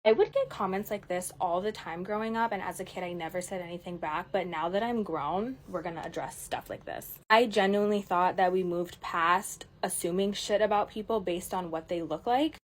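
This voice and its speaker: A woman's voice: on the low side, normal speed, hardly any pauses, slight background noise. A woman from Hawaii replying to a comment in a blunt, annoyed, matter-of-fact way.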